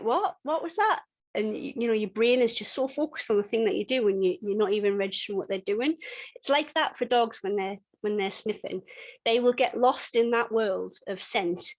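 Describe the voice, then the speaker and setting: A middle-aged woman giving a dog-training webinar in a chatty, conversational way, with frequent restarts and lively bursts when acting out games. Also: fairly high pitch, poor audio. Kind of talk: webinar teaching.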